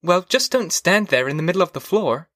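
A man voicing a vague, distracted wife in an audiobook, lifting his voice higher and lighter. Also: sing-song, fairly quick, fairly bright tone, no room sound, clean studio sound. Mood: impatient. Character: woman, wife, vague and airy.

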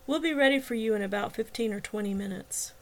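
A woman's voice: a little high, fast, natural voice. A woman voicing a casual, matter-of-fact male technician in an audiobook.

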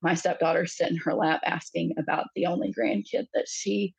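A woman in her thirties sharing a personal story as a podcast guest, talking haltingly with many fillers and acting out the quoted voices. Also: on the low side, steady tone, vocal fry, slightly rough, no room sound, low-quality recording.

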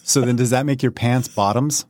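A man's voice: mid-range voice, moderate pace, a little mellow, no echo, studio quality. A man co-hosting a podcast in a casual, playful, teasing way. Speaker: podcast co-host. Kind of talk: casual chat.

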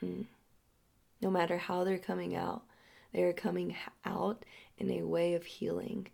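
A young adult woman speaking slowly and softly as a healing guide, often sinking into a breathy half-whisper. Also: fairly low pitch, completely flat delivery. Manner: slow, soft and drawn out, often dropping into a breathy half-whisper. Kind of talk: reflective spoken storytelling.

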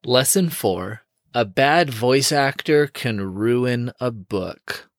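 A man co-hosting a podcast in casual chat, relaxed, laughing often and restarting his sentences. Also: mid-range voice, slow pace, no echo. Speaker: podcast co-host.

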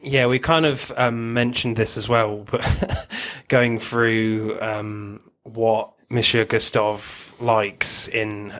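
A man's voice: lowish voice, flat delivery, takes it slowly, fairly bright tone. A man co-hosting a casual film chat, laughing often and reading out quotes. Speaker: podcast co-host.

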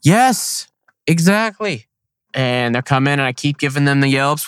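A man's voice: medium pitch, moderate pace, clear, resonant tone, dry recording. Man telling a hunting story. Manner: animated, slangy, acts out his own thoughts. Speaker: hunter telling a story on a podcast. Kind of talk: casual storytelling.

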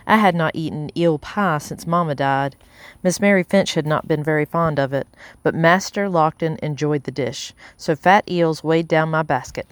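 A woman's voice: sits low, dry recording. Woman narrating an audiobook in a dry studio. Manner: measured, voicing characters lightly. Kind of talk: scripted narration.

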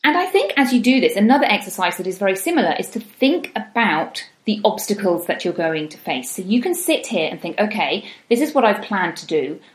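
A woman's voice: mid-range voice, sing-song, a little fast, hardly any pauses. A woman coach giving encouraging advice, slipping into little spoken quotes of what you might tell yourself. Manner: encouraging, acts out inner voices in quotes. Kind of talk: advice talk to camera. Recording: roomy echo.

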